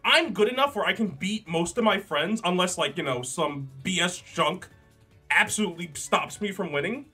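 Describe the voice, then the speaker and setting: Lively young male streamer. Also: sits high, normal speed, slightly rough, faint music behind. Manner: chatty, jokey, reads chat aloud. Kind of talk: casual livestream chat.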